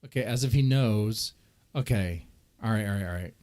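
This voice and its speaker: A man's voice: fairly low pitch, normal speed, a little mellow. A man hosting a live reaction stream, sarcastic and impatient as he comments over a clip.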